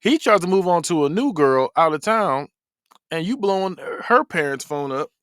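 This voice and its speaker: A man hosting a podcast, giving a rambling, animated review of a documentary he has just finished. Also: on the high side, normal speed, no room sound, clean studio sound. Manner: rambling, animated, repeats himself. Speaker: podcast host.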